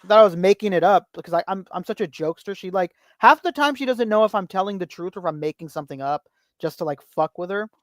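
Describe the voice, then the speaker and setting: A man's voice: high voice, fast talker, no room sound. A man guesting on a podcast, telling stories in casual chat, acting out quotes and swearing freely. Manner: animated storyteller, swears freely, acts out quotes.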